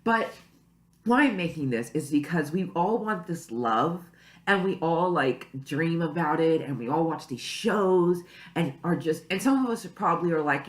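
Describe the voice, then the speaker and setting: A woman's voice: deep voice, lively intonation, moderate pace. A young woman vlogging casually to camera at home, rambling and chatty with lots of "you know" and "like". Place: at home, early morning. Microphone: camera mic. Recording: echoey room.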